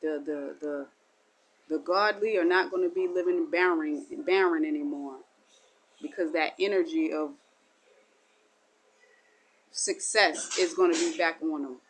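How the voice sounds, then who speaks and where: In a low voice at a measured pace with frequent pauses, a woman gives a spiritual monologue on a low-quality recording. A self-styled spiritual teacher, she talks in a meandering, repetitive, folksy way.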